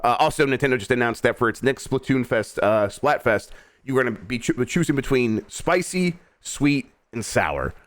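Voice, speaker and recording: A man's voice: mid-range voice, expressive, normal speed, dry recording. A middle-aged American man hosting a game news show, reading headlines and then riffing on them in an easygoing way with lots of fillers. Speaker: host. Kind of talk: casual news chat.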